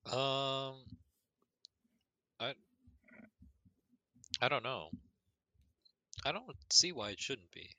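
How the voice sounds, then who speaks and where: A man's voice: medium pitch, lively intonation, extremely slow, pauses often, pushed and bright. A man co-hosting a podcast in casual chat, answering with dry, brief replies. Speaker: podcast co-host.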